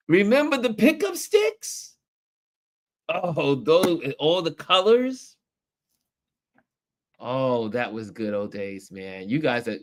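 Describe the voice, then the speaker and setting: A middle-aged man hosting a livestream, reading viewer comments aloud in casual chat, animated and nostalgic and quick to laugh. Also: a little high. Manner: laughs often, animated and nostalgic, stretches words.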